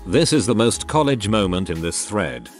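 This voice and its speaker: Male narrator, low voice with lively inflection, scripted story reading, faint music bed. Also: normal speed. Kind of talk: scripted narration of online stories.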